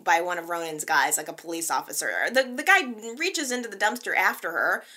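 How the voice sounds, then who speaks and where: Excitable lady gushing over her soap, bright voice, fillers everywhere. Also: fairly low pitch, a little fast. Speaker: soap opera recap host. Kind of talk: casual recap commentary.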